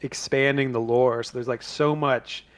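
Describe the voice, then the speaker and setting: A man's voice: medium pitch, steady tone, moderate pace. A man co-hosting a podcast in casual chat, rambling with plenty of fillers. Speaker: podcast co-host.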